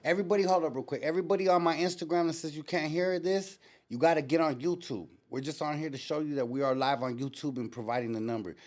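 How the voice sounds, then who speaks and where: A man hosting a live show and telling stories in a slangy, profane, animated way. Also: on the high side, fast talker, hardly any pauses. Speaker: host. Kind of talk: casual live-stream storytelling.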